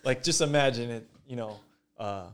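A man's voice: medium pitch, normal speed, a bit bright. Laid-back, laughing young male podcast host. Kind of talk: casual chat.

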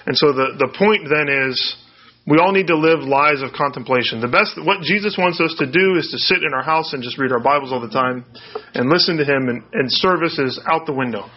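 A man's voice: a little high, a little fast. A man from the United States preaching a conversational sermon, asking rhetorical questions and often restarting his sentences. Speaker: pastor. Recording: dull lo-fi sound.

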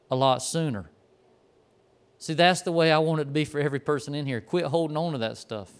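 Man, preacher, folksy sermon, slightly high voice, smooth and clear. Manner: folksy storytelling, talking straight to the room. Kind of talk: conversational sermon.

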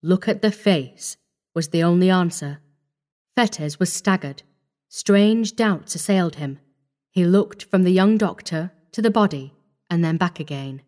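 A woman narrating a classic short story in a measured, steady reading. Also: on the low side.

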